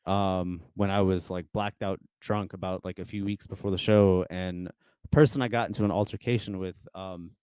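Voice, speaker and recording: A young man with a low, smooth, resonant voice, recorded close and dry. He tells stories as a podcast guest in loose, casual talk, heavy on fillers and false starts and often laughing. The delivery is conversational and never polished. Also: fairly even intonation, normal speed, a little mellow, no room sound. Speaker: guest musician.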